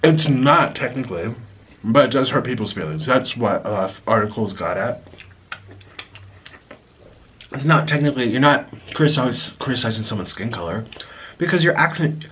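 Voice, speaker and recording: A man talks casually to his camera as he eats, his words often muffled by food. He sounds apologetic and chatty, with a voice of ordinary pitch. A faint hiss sits under the recording. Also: lively intonation, brisk, a bit bright. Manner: chatty and apologetic, talking between bites with a full mouth. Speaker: mukbang vlogger. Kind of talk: casual talk while eating on camera.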